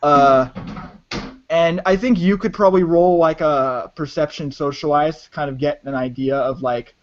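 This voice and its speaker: A man's voice: on the high side, normal speed, a little hiss or hum. A man narrating as game master of a tabletop game, talking hesitantly with many restarts. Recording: dull lo-fi audio.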